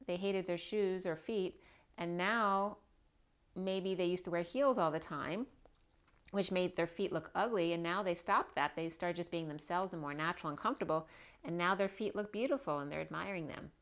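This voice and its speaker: Low-voiced woman giving a rambling tarot reading. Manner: rambling, repeats herself, frequent "right?" check-ins. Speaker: tarot reader. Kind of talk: casual spiritual tarot reading.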